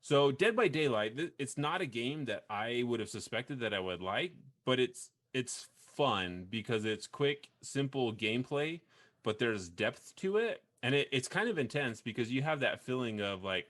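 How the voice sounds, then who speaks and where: A man's voice: mid-range voice, animated, normal speed, fairly bright tone. Rambling, easygoing male podcast host. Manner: rambling, laughs often, many restarts. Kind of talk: casual chat about video games.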